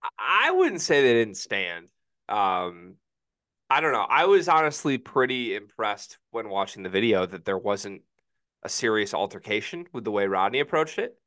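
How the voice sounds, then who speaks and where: A young man co-hosting a relaxed sports podcast. His voice sits a bit low. He weighs his takes out loud and often admits he isn't sure. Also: normal speed. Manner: hedging, thoughtful, many "I don't know"s. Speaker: podcast co-host. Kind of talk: casual sports podcast chat.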